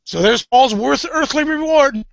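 Fervent male preacher, gravelly and bright-toned, on a dull, dry lo-fi recording. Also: very high-pitched, unhurried, no echo. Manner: fervent, swings between hushed and loud. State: tearful. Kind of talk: impassioned preaching.

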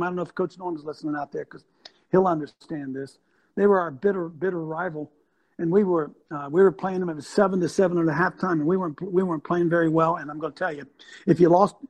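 A man hosting an online show, a former football coach giving an intense, emphatic, sermon-like talk full of rhetorical questions into his computer mic. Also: high voice. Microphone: computer mic on a video stream.

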